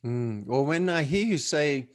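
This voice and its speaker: A man speaking as a guest business coach, talking in a deliberately slow, measured and inviting way. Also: a little high, animated, dry recording, studio quality. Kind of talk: reflective conversational advice.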